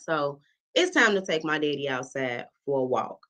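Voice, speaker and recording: A woman's voice: sits low, moderate pace, low-quality recording. A woman comedian, telling a story on stage, talking to the audience as y'all and acting out the people in it. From South Side of Chicago. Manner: animated, addresses the audience as y'all, acts out characters.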